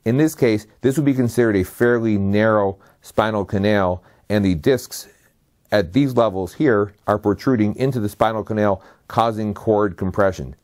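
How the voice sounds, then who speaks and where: A man's voice: lowish voice, moderate pace, a little mellow. A man giving a slide lecture as a medical lecturer. He lists terms one by one in a methodical way and adds brief dry asides.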